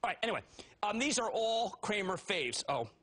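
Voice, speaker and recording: A man in his fifties hosting a TV stock market show, talking loud, manic and theatrical with sudden shouts. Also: high-pitched, big pitch swings, normal speed, husky. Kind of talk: excitable TV stock commentary.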